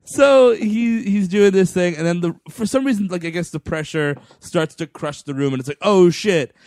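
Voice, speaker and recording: A man's voice: high voice, normal speed, dry recording, clean studio sound. A man co-hosting a podcast, recapping a film and acting out its lines with laughter. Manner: animated retelling, acts out lines, laughs often. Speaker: podcast co-host. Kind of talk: casual movie recap chat.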